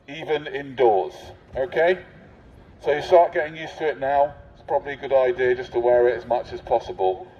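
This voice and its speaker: A man's voice: a little high, darkish tone. A man posing as a covid marshal on a city street, teasing passers-by in a mock-officious way. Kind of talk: satirical street performance. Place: busy city street outdoors. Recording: dull lo-fi street recording.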